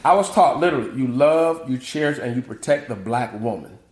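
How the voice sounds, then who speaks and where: Speaking briskly in a mid-range voice, this Southern American man in middle age appears as an interview guest; he's an author and motivational speaker. The chat is casual and full of storytelling, with animated impressions of family quotes and frequent laughter, recorded in an echoey room.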